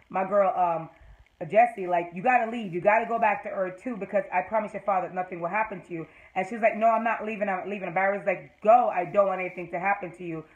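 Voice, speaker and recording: A woman with a Jamaican accent giving a rambling, excitable fan recap of a TV episode, full of fillers. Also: fairly low pitch, rough recording. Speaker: TV episode reviewer.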